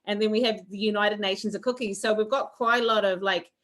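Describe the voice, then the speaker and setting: A woman's voice: medium pitch, fairly even intonation, quick pace, fairly bright tone. A woman teaching a cooking class over a video call, chatty and rambling with lots of fillers. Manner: rambling, friendly, with filler words.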